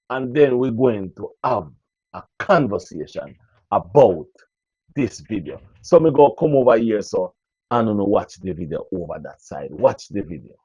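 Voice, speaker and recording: A Jamaican man vlogging to his viewers in casual patois, animated and preachy, often repeating phrases. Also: mid-range voice, dry recording. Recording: dull lo-fi dry recording.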